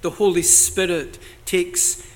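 A man preaching a sermon in an earnest, deliberate way, now and then rising to loud cries as he quotes scripture. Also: sits high, steady tone.

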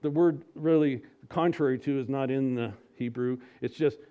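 A man preaching a sermon, animated and full of rhetorical questions, swinging from loud emphasis to soft, slow appeals. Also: medium pitch, clear, resonant tone, lo-fi sound.

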